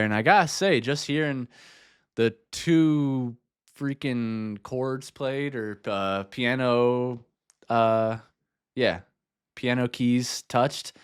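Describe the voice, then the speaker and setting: A man's voice: medium pitch, smooth, dry recording, clean studio sound. A man reacting to music in casual, rambling commentary, laughing often. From United States.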